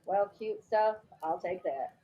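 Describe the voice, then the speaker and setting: A woman's voice: mid-range voice, slow, highs cut off. A woman playing a tabletop game in a playful, laughing manner. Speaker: player.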